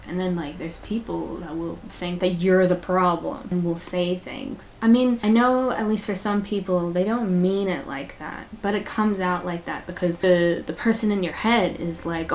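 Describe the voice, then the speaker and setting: A woman's voice: mid-range voice, slight background noise. A young woman in a personal vlog, talking candidly and a bit rambling, with frequent fillers and nervous laughs. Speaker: vlogger.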